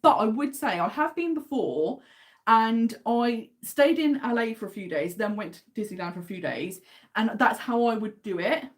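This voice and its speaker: Brief: English woman, livestream host, chatty and enthusiastic, slightly high voice. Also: animated, normal speed. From England. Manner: chatty, enthusiastic, reads out viewer comments. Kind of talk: casual livestream chat.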